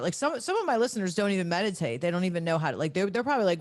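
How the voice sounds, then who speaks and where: High-voiced chatty man podcast host. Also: racing. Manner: chatty, animated, trips over words. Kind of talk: podcast interview chat.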